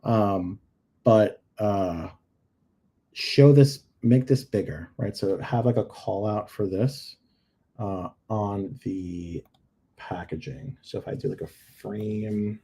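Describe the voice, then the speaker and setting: A man's voice: lowish voice, slow, mellow, breathy edge. A man hosting a live show, chatting casually and critiquing product listings on his screen, with joking asides and emphatic repeats. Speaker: livestream host reviewing product listings.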